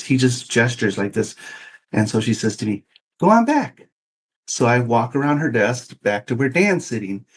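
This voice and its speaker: A man in his fifties with a husky, mid-range voice appears as a podcast guest and tells a long personal story. He's animated and casual, acting out the voices of the people he quotes.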